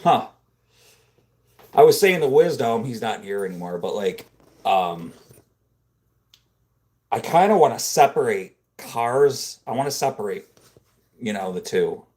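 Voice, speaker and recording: A man hosting a casual livestream from a home room, rambling and filling his talk with "dude" and "like," close on a boom-mounted microphone. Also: big pitch swings, a little slow, pauses often, darkish tone. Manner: rambling, filler-heavy, says "dude" and "like" a lot. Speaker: livestream host. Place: home room full of computer monitors.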